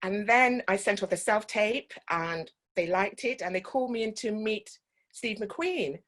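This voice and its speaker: A woman's voice: medium pitch, measured pace, fairly bright tone. A woman from Guyana, an actor giving a talk and telling personal stories with frequent ums.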